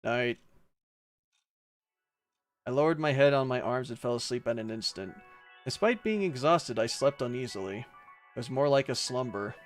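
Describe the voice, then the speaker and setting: A man's voice: mid-range voice, lively intonation, moderate pace, long pauses, soft background music. A man streaming a visual novel, reading its narration and dialogue aloud and breaking off now and then to joke and laugh. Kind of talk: playful read-aloud of game text with commentary.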